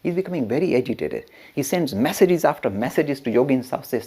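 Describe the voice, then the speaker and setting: Man, religious teacher, storytelling lecture, chuckles and asides, husky voice, very lively pitch. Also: fast talker, hardly any pauses. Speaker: religious educator.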